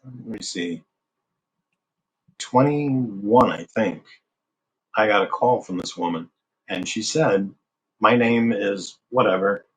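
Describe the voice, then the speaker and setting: A man with a notably low voice speaks as a guest in an interview. He tells a long personal story in an easy, conversational way. He slips into the voices of the people in it as he quotes them. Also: expressive, takes it slowly, pauses often, rough recording. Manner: conversational, acts out remembered dialogue. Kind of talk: casual storytelling.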